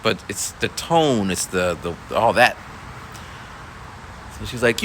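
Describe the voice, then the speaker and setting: Laid-back man with a lively voice. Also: on the low side, slow, a little hiss or hum, low-quality recording. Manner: laid-back, rambling, with many fillers. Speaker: schoolteacher. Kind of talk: casual storytelling vlog.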